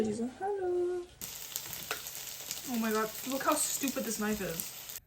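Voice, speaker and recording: A woman's voice: fairly high pitch, expressive, takes it slowly, slight background noise. A young woman vlogging herself cooking at home, chaotic and swearing as she talks to her phone camera. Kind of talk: casual cooking vlog. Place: home kitchen.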